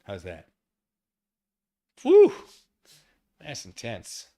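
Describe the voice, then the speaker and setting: A man's voice: medium pitch, very animated, normal speed, bright, forceful tone. A man streaming from his living room, chatting casually and reading chat aloud, rambling and self-deprecating.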